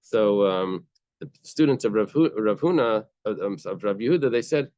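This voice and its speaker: A Talmud teacher with a low, mellow voice runs a daily class, reading Aramaic phrases and unpacking them in relaxed, conversational English. He's animated and fairly quick, though the recording is dry, a bit dull, and has no room sound.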